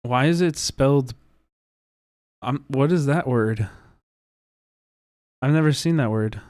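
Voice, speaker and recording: A man hosting a livestream, talking casually in an animated, profane, rambling way with many restarts. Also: mid-range voice, slow pace, no room sound, studio quality. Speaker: livestream host. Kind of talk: casual reaction chat.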